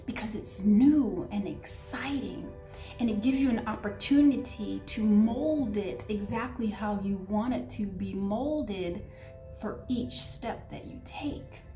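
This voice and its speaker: A woman giving an excitable, gushing tarot reading, talking straight to her viewers. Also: on the high side, reverberant. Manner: excitable, gushing, breathless asides. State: out of breath. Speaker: tarot reader.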